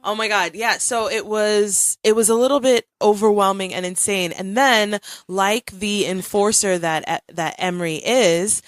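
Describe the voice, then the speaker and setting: A woman's voice: mid-range voice, fairly even intonation, measured pace, few pauses, dry recording. A woman in her thirties hosting a podcast, telling a family story in casual chat with bursts of animation and laughter. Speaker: podcast host.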